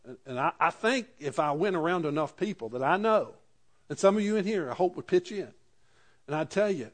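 High-voiced preacher, conversational. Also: male voice, animated, normal speed. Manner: conversational preaching with rising emphatic peaks. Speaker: pastor. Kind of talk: sermon.

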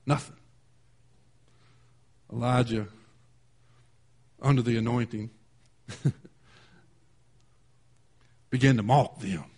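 A male preacher retelling a scripture story in a sermon. He talks emphatically, swinging from loud declarations to hushed readings of old scripture wording. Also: medium pitch, steady tone, slow, pauses often, breathy edge.

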